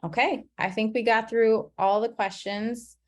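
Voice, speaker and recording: A woman leading an online class on a video call, talking in a relaxed, chatty way and laughing at her own slips. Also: a little high, unhurried. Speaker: class facilitator.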